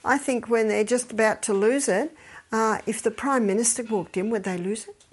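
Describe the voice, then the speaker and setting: A woman's voice: a little high, normal speed, husky. An older woman, casually giving advice, telling stories and acting out the people in them. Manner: storytelling, acts out quoted voices, quotes scripture.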